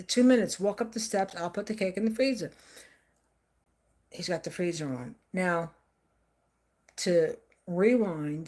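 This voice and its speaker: A woman's voice: on the low side, darkish tone. An older woman, talking off the cuff on a live stream in a rambling, emphatic way, often repeating herself. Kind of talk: casual live-stream monologue.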